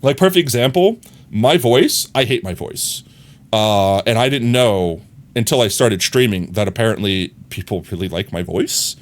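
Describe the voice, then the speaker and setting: A man's voice: lowish voice, animated, moderate pace. A man live streaming from his own room, rambling casually and speaking straight to his chat.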